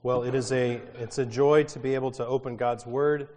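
A man preaching a sermon with a raspy, hoarse voice from a cold, talking conversationally with frequent fillers. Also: mid-range voice, fairly even intonation, moderate pace, darkish tone, a little hiss or hum. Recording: long reverb of a large hall.

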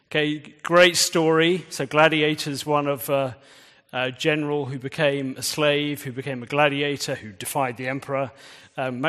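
The preacher's voice sits in the mid range with a fairly bright tone, bouncing around a reverberant church hall. He keeps his sermon conversational, drawing the audience in with quiz questions.

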